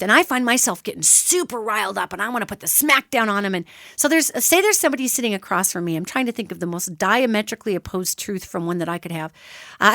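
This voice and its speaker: With a fairly high voice, a woman talks directly to her listeners on her solo radio show, explaining ideas in a lively, emphatic, conversational way. The studio sound is clean, with no echo.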